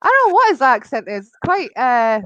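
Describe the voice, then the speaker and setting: A woman's voice: high voice, big pitch swings, moderate pace, a bit bright, no echo, lo-fi sound. A woman chatting casually as a guest, telling a story with lots of animation and laughter, acting out the lines of the people she quotes. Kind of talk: casual chat.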